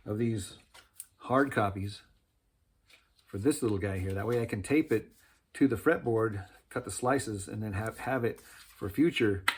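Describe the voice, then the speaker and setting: In a husky, medium-pitched voice, an instrument builder walks through how he sets out frets on the string instruments he makes himself. He keeps it easygoing and rambling, throwing around slang such as "man" and "dude".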